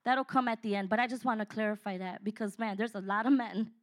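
A woman's voice: mid-range voice, fast. A woman in her fifties giving an impassioned personal testimony, speaking earnestly and directly to her listeners. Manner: earnest, addresses listeners directly, dynamic delivery.

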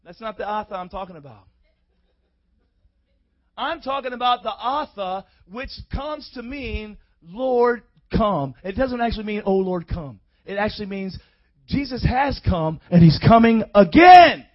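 A male preacher giving a call-and-response sermon in church, swinging from quiet talk to shouting. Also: high-pitched, lively intonation, unhurried. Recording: dull lo-fi recording.

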